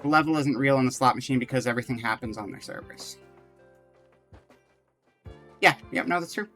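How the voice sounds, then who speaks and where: A man streams a game live, chatting with his viewers and reading the on-screen text aloud. His voice is bright and forward, at an ordinary pitch for a man. Faint music plays underneath. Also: a little fast. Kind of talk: casual live game commentary.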